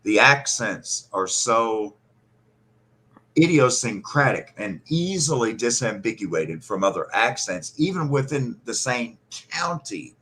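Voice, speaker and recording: A man's voice: mid-range voice, big pitch swings, takes it slowly, bright, forceful tone. A man from central Kentucky, hosting a casual podcast chat and rambling animatedly through stories and imitated regional words. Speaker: podcast host.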